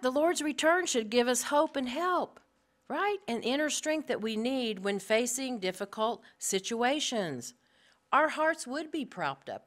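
A middle-aged woman teaching a women's Bible study to a live group, earnest and animated, speaking straight to her listeners. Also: medium pitch. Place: room with a live audience.

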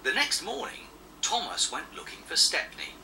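Animated male storybook narrator. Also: high-pitched, moderate pace, creaky, recorded from a distance, a little hiss or hum, rough recording. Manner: expressive, animated. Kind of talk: children's storybook reading.

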